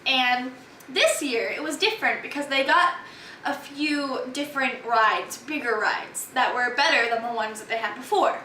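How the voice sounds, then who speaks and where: Filmed by a friend holding the camera, this teen girl vlogger recounts her day out in a chatty, exasperated storytime. She speaks at a moderate pace in a high, sharp voice, captured from far off in an echoey room with slight hiss or hum.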